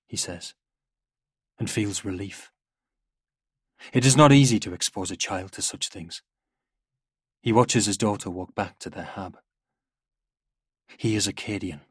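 A man narrating a dark story in a slow, hushed, somber manner. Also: low-pitched, husky, dry recording, clean studio sound. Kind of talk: scripted narration of war fiction.

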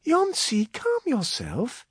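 A man doing a gentle soothing young woman. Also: a little high, wildly swooping pitch, slow, husky, no room sound, clean studio sound, pitched above the performer's own voice, heavily acted. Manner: soothing, gentle but firm. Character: calm, caring young woman soothing children.

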